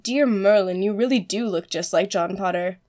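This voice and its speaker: A woman's voice: mid-range voice, moderate pace, a little mellow, lightly acted. A woman voicing a haughty, proud young girl heiress with scornful, sulky retorts in a fan audiobook reading.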